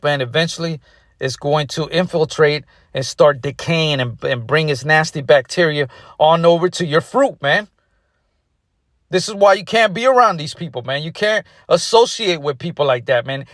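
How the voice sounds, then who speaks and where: A man's voice: a little high, fairly bright tone, no room sound, clean studio sound. A man preaching an angry, profane sermon, aggressive, ending nearly every phrase with "man". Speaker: street preacher.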